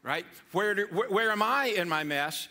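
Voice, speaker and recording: A man's voice: sits high, lively intonation, normal speed, sharp tone. A middle-aged man preaching a playful, interactive sermon to a church congregation and coaxing them to answer back. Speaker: pastor.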